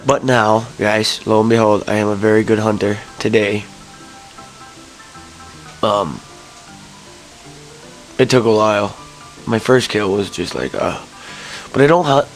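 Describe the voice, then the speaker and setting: A young man telling a rambling story to camera, early in the morning, swearing and jumping to high yelps when he gets excited. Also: takes it slowly, pauses often, soft background music, poor audio. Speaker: vlogger.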